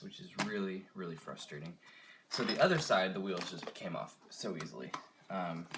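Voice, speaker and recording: A man's voice: on the low side, background noise. A young man chatting casually on a live stream while working with his hands, muttering and sighing in frustration. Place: home, working on a toy car.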